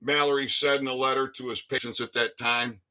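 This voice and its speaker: A man from Michigan reading a news article aloud and breaking into profane, angry commentary, dropping from low muttering to shouting. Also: fairly even intonation, fairly quick. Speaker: online commentator.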